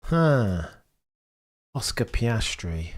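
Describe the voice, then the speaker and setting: A young man hosts a live watchalong stream. He talks casually and excitedly to his chat, and his voice sits a little low. He jokes and riffs with the viewers as he goes. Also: very slow.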